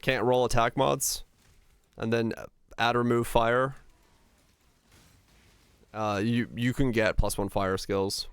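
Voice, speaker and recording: A man with a neutral American broadcaster-like accent, livestreaming and chatting casually in a relaxed, rambling way. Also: medium pitch, slow pace, pauses often, clear, resonant tone, no room sound. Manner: relaxed, rambling, many fillers. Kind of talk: casual chat while gaming.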